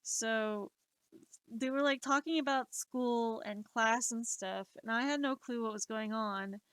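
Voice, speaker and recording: Young woman streamer ranting about her day, kinda high voice, super dry close mic, swears a lot. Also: unhurried, smooth, no echo. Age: 20s. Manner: animated, exasperated, swears freely. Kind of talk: casual storytelling.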